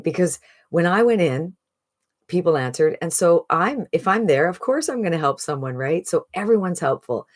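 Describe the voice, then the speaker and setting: A woman with a notably low voice gives an upbeat, motivational sales pitch. She talks straight to her viewers and keeps checking in with a quick "right?". The tone is that of a promoter rallying people. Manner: upbeat, repeats "right?" often. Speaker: online marketing promoter. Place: streaming live from a phone.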